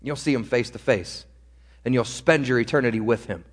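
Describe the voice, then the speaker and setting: He's a pastor with a medium-pitched voice and a brisk delivery, preaching a sermon in a direct, earnest way that speaks straight to the congregation. The hall adds a long reverb.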